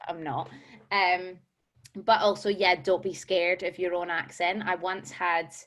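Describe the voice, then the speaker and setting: A woman's voice: lowish voice, steady tone, measured pace, a bit bright. A young woman with a Glaswegian Scottish accent, chatting candidly about auditions in a casual panel discussion. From Scotland. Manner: candid, chatty, frequent fillers. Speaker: performer sharing audition advice.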